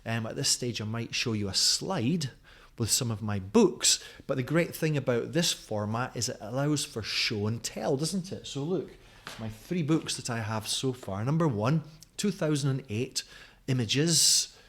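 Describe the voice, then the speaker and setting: A man's voice: medium pitch, expressive, unhurried, a bit bright. A man in his forties from Scotland with a mild Scottish accent, giving a friendly, chatty conference talk to a camera at home at night, with many fillers. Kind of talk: recorded video talk to camera. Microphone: camera in front of him.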